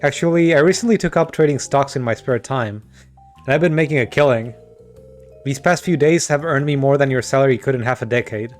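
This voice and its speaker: A man voicing a stern, fed-up middle-aged wife who speaks in a cool, measured, scolding way. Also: medium pitch, darkish tone, faint music behind, natural voice.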